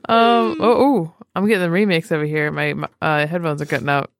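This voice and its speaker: A woman's voice: low-pitched, fairly even intonation, a little fast, no echo, clean studio sound. A woman co-hosting a podcast, chatting casually and joking with frequent laughs. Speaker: podcast co-host. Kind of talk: casual chat.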